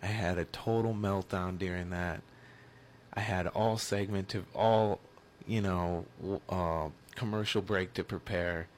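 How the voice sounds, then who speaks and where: A man co-hosting a sports radio show, chatting in a halting, rambling, self-deprecating way. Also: low voice, steady tone, slight background noise. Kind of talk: casual sports talk.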